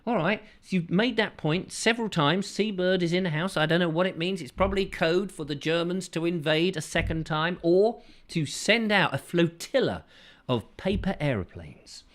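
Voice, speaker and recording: A man hosting a casual chat show, reading out viewer comments with playful, silly asides and sudden falsetto bursts. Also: expressive, moderate pace.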